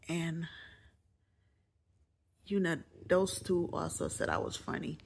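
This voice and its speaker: A middle-aged woman with a low, gravelly voice recounts a personal story straight to camera, casual and animated. She jokes as she goes and jumps into raised voices when quoting people. A faint hiss sits under the close recording. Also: slow pace, long pauses. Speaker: vlogger.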